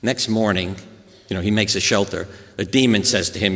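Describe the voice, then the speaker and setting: An older American man giving a talk to an audience, telling stories in an animated, anecdotal way. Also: on the low side, brisk. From USA. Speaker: guest speaker. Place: hospital auditorium. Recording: echoey hall reverb.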